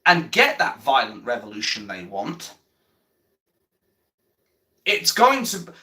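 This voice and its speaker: Brash, animated man ranting. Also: medium pitch, takes it slowly. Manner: blunt, heavy swearing, repeats himself; reads and answers viewer chat. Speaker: livestreamer. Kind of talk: ranting political livestream commentary.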